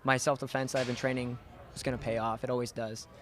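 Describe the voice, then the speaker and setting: A man's voice: mid-range voice, little pitch movement, quick pace, a bit bright. A young man, a fighter, explaining his win in a plain, matter-of-fact way in a post-fight interview.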